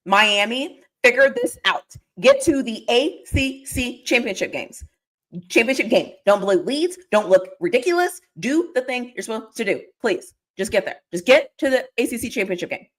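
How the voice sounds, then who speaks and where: A woman's voice: on the high side, very animated, normal speed. A woman hosting a casual football livestream, chatty and playful, laughing often and repeating her phrases. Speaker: host. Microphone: desk or portable mic.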